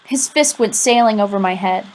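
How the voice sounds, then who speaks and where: A woman's voice: medium pitch, normal speed, darkish tone, low-quality recording. A woman reading a first-person novel aloud in a conversational, confiding way with casual asides to the listener. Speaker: audiobook reader.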